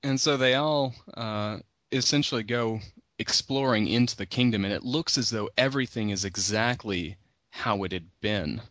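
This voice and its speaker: A man hosting a podcast, casually retelling a book's story and acting out the characters' lines with a raised pitch. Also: normal speed, fairly bright tone, dry recording. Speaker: podcast host.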